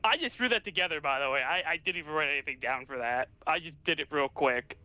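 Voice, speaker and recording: A man co-hosting a livestream, talking loudly and enthusiastically in casual chat. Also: on the high side, dry recording, muffled recording, soft background music. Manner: loud, quick, enthusiastic. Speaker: stream co-host.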